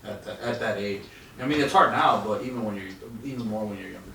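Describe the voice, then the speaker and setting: Man panelist, low voice, blunt and casual, echoey room with faint noise. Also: fast talker, vocal fry, sharp tone.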